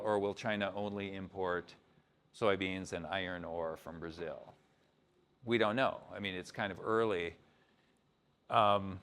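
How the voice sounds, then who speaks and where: This guest lecturer's voice is on the low side with a fairly bright tone as he delivers an informal university talk. Loose and chatty, he frequently restarts, drifts into asides and drops in "you know."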